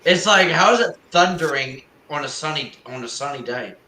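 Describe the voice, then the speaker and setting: A man's voice: a little high, expressive, moderate pace, sharp tone. A man hosting a live stream, chatting casually, joking and laughing often while reading comments aloud. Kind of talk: casual chat. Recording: echoey room with faint ambient noise.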